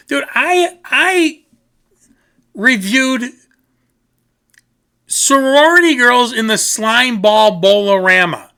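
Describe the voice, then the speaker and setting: A man's voice: very high voice, slow pace, pauses often, pushed and bright, smooth. A man casually reviewing music on his channel, rambling and goofy, poking fun at himself. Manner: rambling, goofy, self-mocking. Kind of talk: casual rambling video talk.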